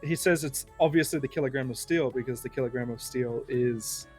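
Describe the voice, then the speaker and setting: An easygoing man, a guest on a livestream, talks in a plain, even voice of middle pitch. He tells stories in a loose, sheepish way, with some faint music under him. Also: fairly quick. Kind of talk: casual stream chat.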